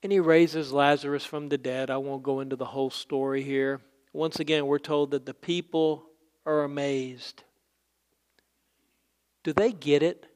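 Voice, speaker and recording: A man's voice: a little high, fairly even intonation, a little slow, a little mellow, smooth. A man preaching a casual, conversational sermon, acting out Bible scenes in quoted voices. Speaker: pastor.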